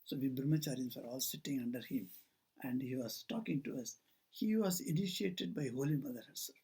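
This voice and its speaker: An older monk gives an informal spiritual talk indoors at a society house, speaking fairly quickly in a warm, husky, mid-range voice. He tells digressive stories and acts out the dialogue within them.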